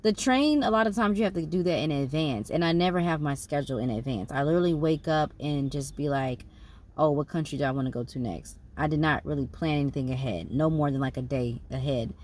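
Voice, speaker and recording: A woman's voice: deep voice, quick pace, a little mellow. A woman chats loosely about her trips, wandering off and correcting herself as she goes. A faint hum of room ambience sits behind her. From United States. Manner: rambling, conversational, many fillers and self-corrections. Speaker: travel vlogger. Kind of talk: casual travel recap.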